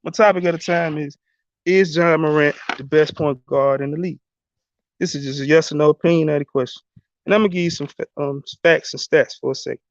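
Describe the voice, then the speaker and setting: A man hosting his own sports channel, giving a blunt, animated casual rant straight to his viewers. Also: on the high side, brisk, no echo. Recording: dry, dull lo-fi sound.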